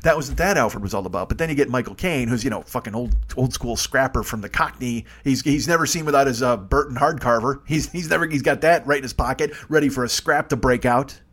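Dude rambling fast on his comedy podcast, swears a lot, keeps going off on tangents, laughs at himself. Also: medium pitch, fairly bright tone, husky. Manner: profane, digressive, self-mocking. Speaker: podcast host.

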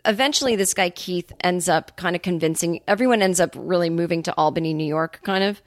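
A woman's voice: fairly low pitch, brisk, no echo, studio quality. A woman hosting a podcast, ranting in a casual monologue, swearing freely and acting out quotes. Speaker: podcast host.

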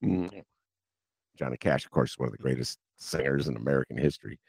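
A man's voice: a bass voice, expressive, brisk, gravelly, darkish tone, husky, no echo, studio quality. A man hosting a casual radio talk show, joking, laughing and breaking into bits of song. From Chicago. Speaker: podcast host.

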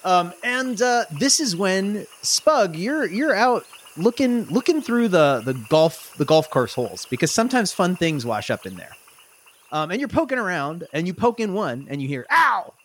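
A man's voice: sits high, big pitch swings, moderate pace. A man narrating a tabletop game as game master, rambling and amused. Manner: rambling, amused, with many restarts.

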